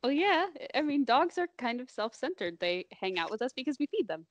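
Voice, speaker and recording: Brief: woman co-host, playful quips, somewhat high voice, dry recording. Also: very animated, no room sound. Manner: quick, joking interjections. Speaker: podcast co-host. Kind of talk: casual book-club chat.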